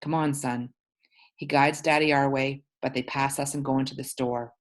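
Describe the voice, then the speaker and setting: A woman teacher reading a novel aloud to her class, pausing to explain words. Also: very deep voice, level tone.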